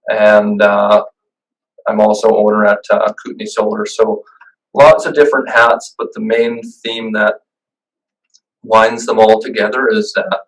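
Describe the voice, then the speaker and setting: A man's voice: fairly low pitch, far from the mic, low-quality recording. A man presenting a webinar over a video call, talking in a casual, chatty way with fillers and restarts. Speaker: business owner giving a webinar.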